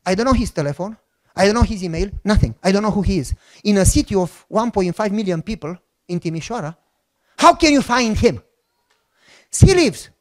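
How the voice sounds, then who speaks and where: A middle-aged pastor with a Romanian accent tells a story in his sermon, animated and joking while acting out the dialogue. His voice is high and his pace brisk.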